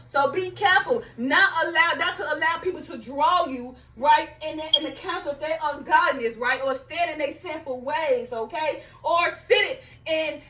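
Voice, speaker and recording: A woman talks through a personal lesson about faith, pausing to check that her listeners follow. Her voice sits high and comes across bright. She is a little off the mic, in a room with plenty of echo. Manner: conversational, repeats herself, asks "right?" and "you understand?"; reads scripture aloud in King James wording. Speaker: faith vlogger. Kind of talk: personal spiritual talk to viewers. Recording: echoey room, voice a bit far from mic.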